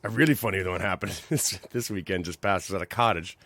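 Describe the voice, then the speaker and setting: Speaking quickly in a low register, a man co-hosts a podcast and chats casually, animatedly acting out what the people in his stories said. The recording is dry.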